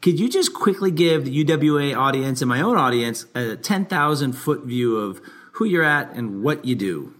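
A man's voice: mid-range voice, sing-song, normal speed. A man hosting an interview podcast, chatty and upbeat, laughing often. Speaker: podcast host.

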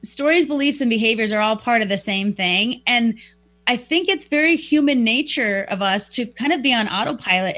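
A woman guest who speaks professionally, telling stories in a reflective, animated way and acting out quoted lines. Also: fairly high pitch. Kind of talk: conversational storytelling.

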